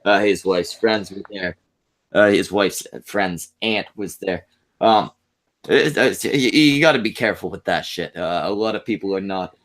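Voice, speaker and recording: Deadpan halting man on a podcast call. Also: low voice. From Canada. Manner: halting, many fillers and restarts, deadpan jokes. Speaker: podcast co-host. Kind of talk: crude casual banter.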